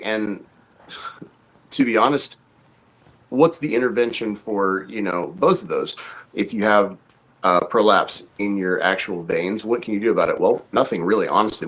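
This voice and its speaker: A man with a very low voice, co-hosting a casual podcast as a coach. He explains things at length, thinking aloud with fillers and restarts. His tone stays conversational and informal. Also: fairly bright tone, slightly rough, rough recording.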